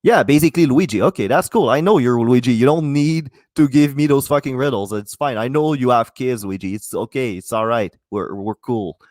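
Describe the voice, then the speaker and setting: A man's voice: medium pitch, fairly quick, hardly any pauses, a little mellow, no room sound, clean studio sound. A man with a Quebec French accent hosting a podcast, rambling, swearing a lot and mocking himself in casual chat. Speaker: podcast host.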